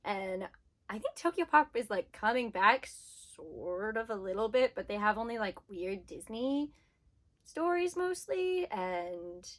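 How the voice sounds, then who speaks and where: A woman's voice: medium pitch, unhurried. A woman vlogger ranting in casual chat, talking animatedly and saying "like" a lot. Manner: animated ranting, heavy use of "like". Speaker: book vlogger.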